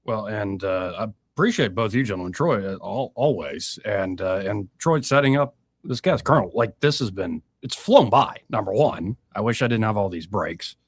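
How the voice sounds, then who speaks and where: A man's voice: on the low side, lively intonation, moderate pace, breathy edge, no echo. A man hosts a live radio talk show in a dry, close studio sound. He talks in a loose, rambling way, full of fillers and restarts.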